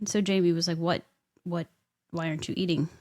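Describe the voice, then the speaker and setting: A woman's voice: on the low side, steady tone, fairly quick, a little mellow. A middle-aged woman co-hosting a podcast, telling a story in casual chat and laughing as she goes. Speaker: podcast co-host.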